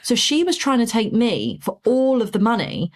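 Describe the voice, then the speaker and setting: A woman's voice: on the high side, normal speed. A woman, a podcast guest telling her story in a conversational way and acting out what people said to her. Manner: animated, acts out quoted dialogue. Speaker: podcast guest, property investor.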